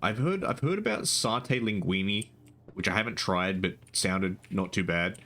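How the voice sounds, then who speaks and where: A man's voice: deep voice, animated, moderate pace, bright, forceful tone. A young man streaming live, chatting casually and rambling with frequent restarts and casual swearing.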